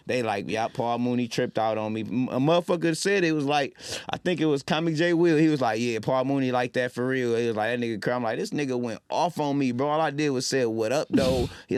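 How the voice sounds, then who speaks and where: Detroit guy in his 30s on a podcast, dry close mic, gets loud acting out quotes. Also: mid-range voice, fairly quick, smooth, dry recording. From Detroit, Michigan. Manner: animated storyteller, loud when acting out quotes. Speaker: rapper and podcast guest. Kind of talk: casual storytelling.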